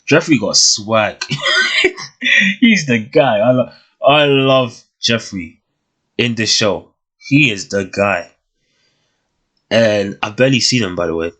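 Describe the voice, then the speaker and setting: Low-voiced man musing over a TV series. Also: lively intonation, takes it slowly, pauses often, fairly bright tone. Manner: thoughtful, hesitant, many restarts and fillers. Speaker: TV reviewer. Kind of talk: casual spoken review.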